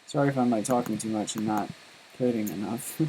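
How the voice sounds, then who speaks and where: A programmer live-streams his coding while chatting casually, rambling and self-deprecating, with lots of fillers and laughs. His fairly low, warm voice moves fairly quickly. The recording is low quality, with a little hiss or hum.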